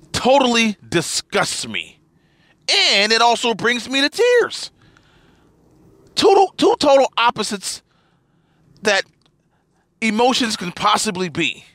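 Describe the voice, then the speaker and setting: A man hosting a political talk podcast in a bright, high voice that swings widely in pitch. He speaks slowly and emphatically, leaning hard on words he repeats. The sound is dry and close. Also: dry recording. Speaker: podcast host.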